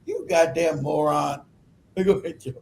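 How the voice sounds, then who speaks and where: Laid-back man host, swearing and laughing through reactions, mellow slightly high voice. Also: measured pace, creaky, a little hiss or hum, poor audio. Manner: loose, laughing, swearing, talks over clips. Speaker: stream host reacting to clips. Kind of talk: casual profane commentary.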